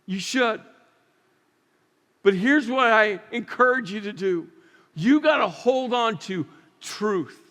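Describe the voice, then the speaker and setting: A man preaching a sermon as pastor, swinging between loud emotional rises and quiet drops. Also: high voice, animated, takes it slowly, long pauses. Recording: long church reverb.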